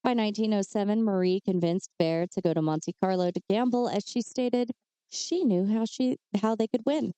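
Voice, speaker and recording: A woman's voice: mid-range voice, moderate pace, dark tone, smooth, no room sound. A woman co-hosting a podcast, telling true crime cases in a casual way with chatty asides. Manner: reads case details with chatty asides and fillers. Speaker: podcast co-host.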